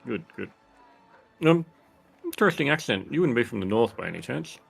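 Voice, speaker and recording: A man's voice: medium pitch, sing-song, a little fast, vocal fry, darkish tone, slightly rough, soft background music. A man playing a tabletop game, laid-back and a little hesitant. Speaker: player.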